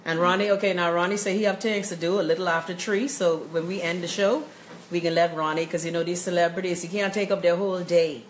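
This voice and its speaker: A Bahamian woman hosts a live show, streaming from an echoey room with faint noise behind her. Her voice sits on the low side, steady in tone and quick in pace. Chatty and upbeat, she greets viewers by name while reading out their comments.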